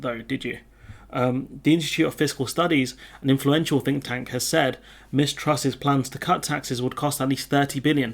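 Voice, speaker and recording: A man's voice: medium pitch, creaky. A man giving casual political commentary on the news, sardonic and chatty, with lots of filler words.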